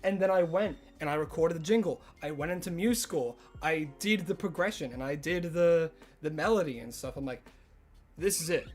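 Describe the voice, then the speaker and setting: Chatty Australian man, high voice. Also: moderate pace, faint music behind. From Tasmania, Australia. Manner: rambling, chatty, lots of "like". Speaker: streamer. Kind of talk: casual livestream chat with viewers.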